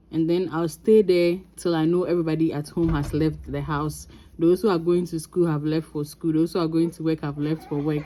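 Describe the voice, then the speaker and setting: A woman with a Ghanaian accent telling a story from her own life in a casual vlog, animated and laughing often. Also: sits low. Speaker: crafting vlogger.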